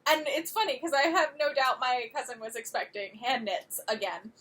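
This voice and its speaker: Young woman co-host, high bright voice, teasing and animated, distant mic. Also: normal speed. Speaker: podcast co-host. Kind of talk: casual chat.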